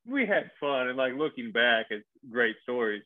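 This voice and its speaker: A young man in casual chat, telling stories in a dry, deadpan way. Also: mid-range voice, normal speed. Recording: tinny phone-like line.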